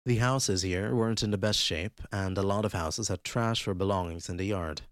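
A man narrates a fan-made audiobook with a steady, even delivery. His voice sits on the low side. The recording is dry and close, with no room sound. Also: moderate pace, dry recording.

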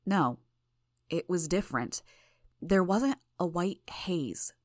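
A woman reading a first-person audiobook in a measured, even way. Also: on the low side, no echo, studio quality. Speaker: audiobook narrator.

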